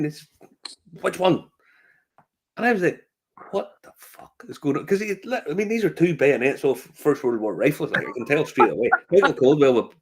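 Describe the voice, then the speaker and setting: Lively Northern Irish man telling stories. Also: medium pitch. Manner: animated storyteller, swears freely, laughs often. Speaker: podcast co-host. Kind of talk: casual chat, anecdote.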